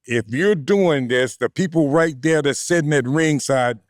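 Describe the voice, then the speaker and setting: A man's voice: a little high, unhurried, no echo, studio quality. An older man, a retired wrestler, talking emphatically in a casual interview and tossing in questions like "you know, right?".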